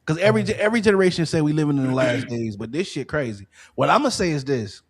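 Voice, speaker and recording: A man's voice: fairly high pitch, animated, fast, husky. A man co-hosting a podcast in casual chat, ranting emphatically with rising rhetorical questions. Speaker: podcast co-host.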